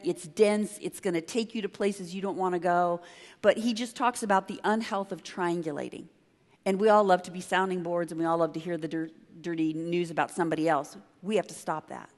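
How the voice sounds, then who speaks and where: Woman, leadership consultant, conference talk. Emphatic storyteller with quick audience asides, medium pitch, long hall reverb.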